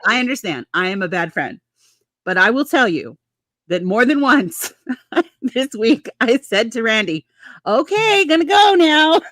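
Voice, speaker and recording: A woman's voice: medium pitch, expressive, a little slow, fairly bright tone, dry recording. A woman with a stuffy, sniffly voice, chatting casually as co-host of a live stream, laughing often and poking fun at herself. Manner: laughs often, self-mocking. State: congested, sniffly. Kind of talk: casual chat.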